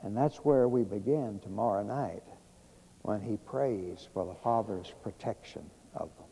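A man, preaching a storytelling sermon in a church, folksy and conversational with many pauses and fillers. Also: lowish voice, creaky, warm tone, in a large hall, a little hiss or hum, low-quality recording. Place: church sanctuary.

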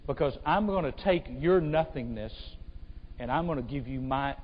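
A male pastor preaching an impassioned sermon, swinging between hushed and loud delivery. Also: medium pitch, expressive, normal speed. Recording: echoey hall, dull sound.

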